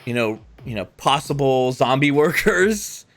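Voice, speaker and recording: Man, game master, rambling narration, slow delivery, faint music behind. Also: mid-range voice, animated, a bit bright. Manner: rambling, lots of fillers and voiced asides.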